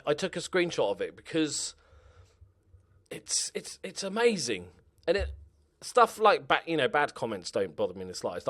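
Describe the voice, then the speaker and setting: A young man chatting casually as he plays a football management game. He reacts loudly to the match and laughs at his own jokes. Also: medium pitch, no echo. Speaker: gaming YouTuber.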